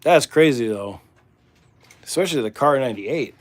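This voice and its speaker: A man's voice: medium pitch, lively intonation, normal speed, a little hiss or hum. Laid-back Midwestern man chatting on a livestream. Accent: Midwestern American. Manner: rambling and laid-back, full of "you know" and "man". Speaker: livestream host. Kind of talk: casual livestream chat while working on a task.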